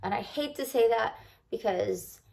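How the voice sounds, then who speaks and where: A young woman with a slightly high voice talks straight to the viewer like a close friend. She rambles and confides, restarting sentences and filling them with likes, in a loose, heartfelt vlog chat. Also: unhurried, vocal fry, darkish tone. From United States. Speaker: lifestyle vlogger. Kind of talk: casual heartfelt talk to camera.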